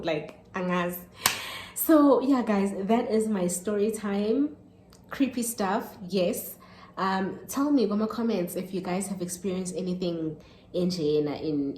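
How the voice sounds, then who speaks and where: A young woman in her twenties with a South African accent telling a storytime vlog, animated and switching between Zulu and English. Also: deep voice. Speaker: YouTuber. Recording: echoey room, faint noise.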